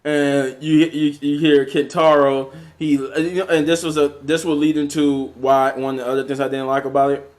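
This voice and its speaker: A man's voice: on the high side, little pitch movement, normal speed. A man casually recapping a movie scene by scene, rambling with many fillers and restarts. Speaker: movie reviewer.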